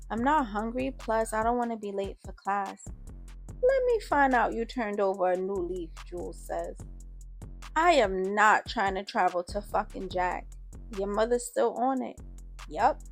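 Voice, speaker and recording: Over faint background music, a woman of medium pitch and lively intonation narrates her own story in laid-back slang. When others speak in the tale, she delivers their lines in her own voice, quick and snappy.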